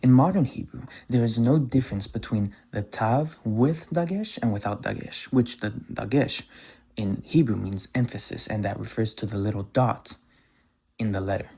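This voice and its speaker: A man teaching pronunciation in a patient explanatory lesson, repeating example words slowly. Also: lowish voice, gravelly, dark tone, breathy edge.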